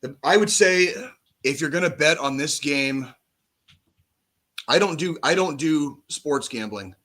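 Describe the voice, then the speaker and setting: A man in his forties, a podcast co-host, talking football in casual chat, profane and animated, on a call mic. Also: on the high side, unhurried. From United States. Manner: profane, animated sports ranting.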